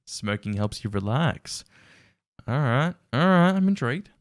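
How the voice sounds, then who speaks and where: A man's voice: medium pitch, big pitch swings, a little slow, slight background noise. A man hosting a casual reaction commentary, wry and incredulous, laughing often. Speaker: reaction video host.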